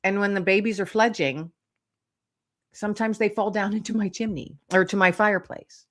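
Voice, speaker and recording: A middle-aged woman, a guest author, telling lively anecdotes in casual chat, acting out little voices and laughing often. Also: medium pitch, moderate pace. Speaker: guest, author and podcast host.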